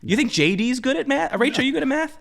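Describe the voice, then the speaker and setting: This is a man hosting a podcast, his pitch swinging up and down freely as he talks. He jokes in a dry, deadpan way during casual chat. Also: fast, vocal fry. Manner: wry, deadpan joking. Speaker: podcast host.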